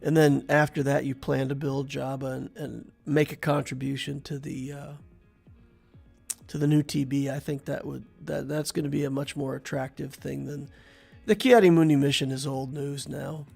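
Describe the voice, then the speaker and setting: Gravelly-voiced man commentating a game. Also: mid-range voice, moderate pace, faint music behind. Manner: thinks aloud while playing, relaxed and chatty, talks to the viewer. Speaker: game channel host. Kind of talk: casual gameplay commentary.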